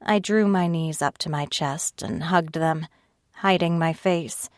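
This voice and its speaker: A woman narrating an audiobook in first person, reading at a slow, steady pace and raising her pitch for the other characters' lines. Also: no echo, clean studio sound. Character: tearful frightened young woman narrator, Ivy.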